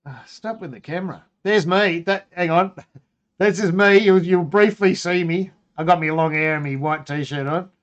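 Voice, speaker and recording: A man's voice: high voice, moderate pace, dull audio. An Australian man chatting casually on his home-brewing live stream, rambling, laughing and breaking off mid-sentence. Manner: rambling, laughing, self-interrupting.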